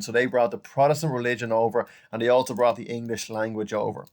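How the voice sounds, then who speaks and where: A man's voice: mid-range voice, fairly even intonation, fast talker, hardly any pauses, a little mellow. A young adult man with an Irish accent, teaching a recorded online lesson in a chatty way, often saying "okay" and "guys". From Ireland.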